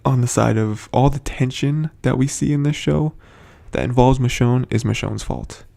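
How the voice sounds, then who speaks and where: A man's voice: medium pitch, normal speed, gravelly, dark tone. A man hosting a casual, rambling TV episode recap, full of hesitant fillers. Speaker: host.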